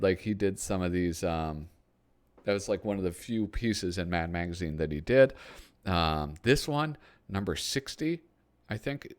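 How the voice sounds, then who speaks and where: A man hosting a casual flip-through of a magazine, rambling and thinking aloud with many ums. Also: fairly low pitch. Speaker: host. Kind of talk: casual chat while flipping through a magazine.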